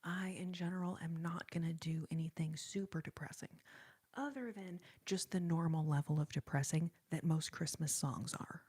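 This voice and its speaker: A young woman hosting a live stream, talking gently in a half-whisper and laughing easily as she thanks viewers. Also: sits low, steady tone, normal speed, breathy edge, no room sound. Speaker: ASMR and singing live-stream host. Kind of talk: soft-spoken live-stream chat reading viewer comments. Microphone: sensitive studio microphone.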